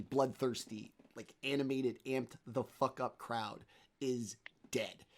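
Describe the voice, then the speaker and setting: A man narrating a tabletop role-playing game as game master, in a loose, unhurried way full of fillers. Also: mid-range voice.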